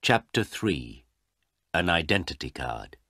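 A man reading a graded story aloud for English learners, slowly and carefully. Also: very deep voice, breathy edge, soft background music. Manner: slow, careful and expressive. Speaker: story reader.

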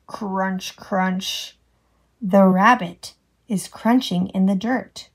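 A woman teacher reading a farm picture book aloud to children, acting out sound effects and asking the child to find things on the page. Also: a little high. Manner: slow, sing-song, making animal and machine sound effects; asks the child questions and prompts button pushes. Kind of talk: children's storytime read-aloud.

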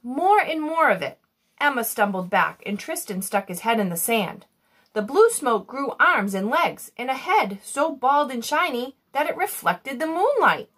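A woman reading a children's book aloud in an expressive storytelling manner. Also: sits high, unhurried. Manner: expressive, animated.

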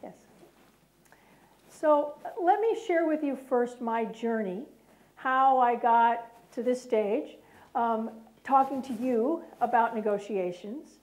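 Slow-speaking woman addressing an audience. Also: on the high side, darkish tone, rough recording. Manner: speaks slowly and deliberately, chatty and direct with the audience. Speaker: guest speaker, former prosecutor. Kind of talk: public talk to an audience. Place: lecture room with an audience, filmed.

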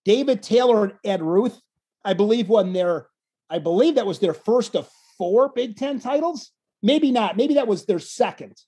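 A wrestling commentator relates a story in a laid-back interview, lively and self-deprecating, often breaking off to restart phrases. He sounds high-pitched and husky, speaking at a moderate pace.

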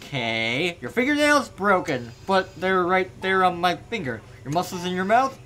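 A man's voice: sits high, big pitch swings, normal speed, sharp tone, heavily acted. A man reading as a blunt game doctor.

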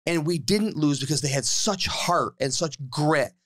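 A man in his forties co-hosting a podcast, telling a story in casual chat, repeating words and getting more excited as he goes. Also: a little slow. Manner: animated, repeats words and restarts, rises in pitch when worked up. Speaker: podcast co-host and youth basketball assistant coach.

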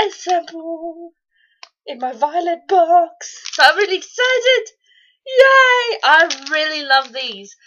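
An Australian woman chatting casually through a beauty box unboxing, excitable and rambling, with lots of ums and happy squeals. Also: fairly high pitch, lo-fi sound, a little hiss or hum. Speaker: beauty vlogger.

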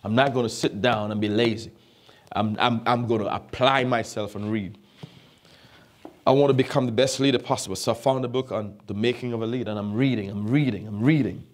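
Preaching with an animated delivery at a moderate pace, the pastor's medium-pitched voice hammers home repeated phrases. English isn't his native language, and he frequently checks whether the congregation is listening.

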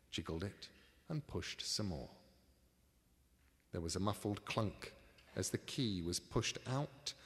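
A man reading his own book aloud at a live signing event, measured and expressive. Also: lowish voice, gravelly. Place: book signing tour venue. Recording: live reading in a reverberant hall.

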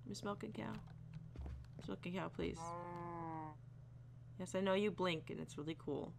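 A woman's voice: fairly low pitch, normal speed, vocal fry, noisy background. A woman playing a video game and chatting casually through it, giggly, talking to the animals and slipping into silly voices. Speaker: video game let's player. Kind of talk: casual gameplay commentary.

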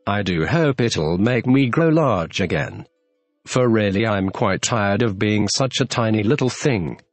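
A man voicing a curious, polite young girl in a storybook reading, gently wondering aloud to herself. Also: on the low side, lively intonation, unhurried, no echo, soft background music.

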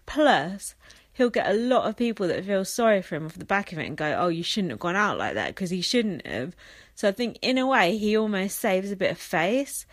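A woman's voice: medium pitch, dry recording. A young woman hosting a podcast, ranting about a reality show with constant swearing and sarcastic, mocking asides. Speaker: podcast host. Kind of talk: profane reality-TV recap rant.

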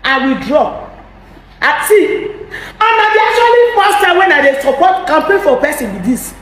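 A young Nigerian woman in a comic rant, speaking Pidgin-accented English in an agitated, exclaiming way and often shouting. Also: very high-pitched, lively intonation, moderate pace. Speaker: vlogger. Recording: very echoey room.

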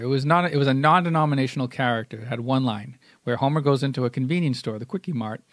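A man's voice: mid-range voice, no echo, studio quality. Man talking things through on a podcast. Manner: thoughtful, many restarts, explains at length. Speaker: podcast co-host. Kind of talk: casual chat.

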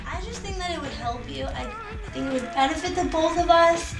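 A woman's voice: very high voice, lively intonation, a little fast. An actress playing a woman arguing with her partner, exasperated and nagging. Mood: irritated. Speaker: actor in a music video skit. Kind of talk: improvised couple argument. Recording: distant, echoey room with music.

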